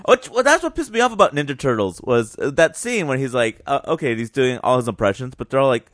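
Animated stand-up comic telling stories. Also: male voice, medium pitch, quick pace, no echo, clean studio sound. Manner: animated storyteller acting out quotes. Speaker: stand-up comedian and podcast co-host. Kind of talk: casual comedic chat.

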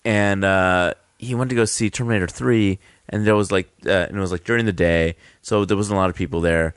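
A man's voice: deep voice, steady tone, fairly quick, clean tone, no room sound, clean studio sound. A man hosting a podcast, telling a rambling story full of fillers and laughing partway through his sentences. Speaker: podcast host. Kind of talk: casual chat.

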